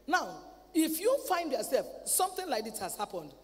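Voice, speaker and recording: A woman preaching a sermon at a convention. She talks in a lively way, acts out family dialogue and repeats words. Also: high voice, moderate pace. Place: large convention hall. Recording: reverberant hall, faint ambient noise.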